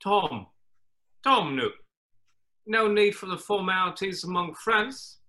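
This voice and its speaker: A man performs a raccoon loan shark with a Cockney accent in a sketch read over a video call. He speaks very slowly in a sharp, bright voice, with clipped broken grammar. Each threat is delivered calmly. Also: sits high, full character voice. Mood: menacing. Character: menacing raccoon loan-shark mogul, male, cold and threatening.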